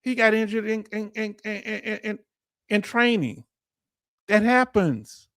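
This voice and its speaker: A middle-aged man with a drawl holds forth on his livestream, blunt and impassioned as he answers his chat. His voice sits fairly high for a man. The sound is dry and close, with no room echo. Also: unhurried, fairly bright tone. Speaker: veteran livestream host. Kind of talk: casual livestream rant.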